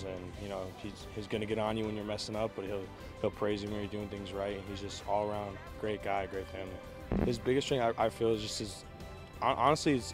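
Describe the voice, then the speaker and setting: A young man, a football player, praising his coach in an interview with halting speech full of fillers. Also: lowish voice.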